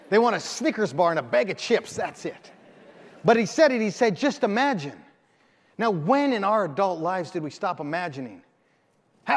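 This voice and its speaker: A man giving a motivational keynote, telling a story with emphasis and acting out the lines of the people in it. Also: high-pitched. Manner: emphatic, acts out dialogue in the story. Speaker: keynote speaker. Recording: long hall reverb.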